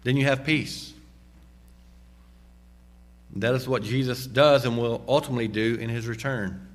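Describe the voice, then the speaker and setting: A man preaching a sermon, slowing down and dropping low on key phrases and rising sharply when he exhorts. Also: steady tone. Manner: emphatic, slows and drops low on key phrases; rises sharply in pitch and volume when exhorting. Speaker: pastor.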